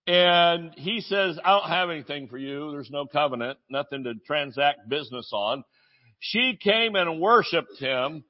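A man preaches with a lively, swinging voice that sits a little high, breaking into shouts and joking asides. The audio is dull and lo-fi. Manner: animated preaching, shouting exclamations, asides and jokes. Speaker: pastor. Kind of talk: sermon.

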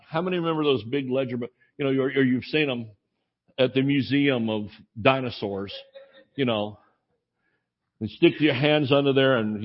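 A man's voice: mid-range voice, lo-fi sound. A male preacher telling a rambling anecdote in a sermon, acting out the voices of the people he quotes. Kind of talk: sermon storytelling.

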